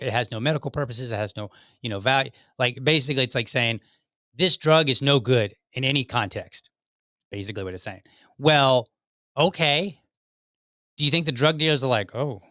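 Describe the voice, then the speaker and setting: A man's voice: medium pitch, sharp tone, no room sound, studio quality. A man hosting a political podcast, talking casually with frequent restarts and asides. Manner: conversational, many restarts and "like" asides. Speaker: podcast host.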